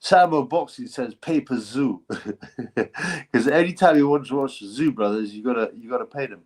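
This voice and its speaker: Guy rambling on his live stream, slangy and sweary, loads of ums and you knows, middling pitch. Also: very animated, normal speed, a little mellow. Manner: rambling, slangy, swears freely, lots of fillers. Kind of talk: casual live-stream chat reading donations.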